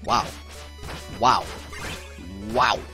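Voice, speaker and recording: Brief: mid-pitched man, excitable let's play commentary, faint game music behind. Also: extremely slow. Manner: jokey, self-deprecating, excitable. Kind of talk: casual gameplay commentary.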